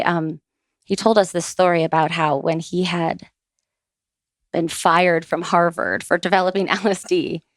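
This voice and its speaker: Podcast guest: woman, 30s, lowish gravelly voice, dry close sound, easygoing storyteller. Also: no echo. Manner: relaxed, many "um" pauses, lively retelling. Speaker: guest, author. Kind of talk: conversational storytelling.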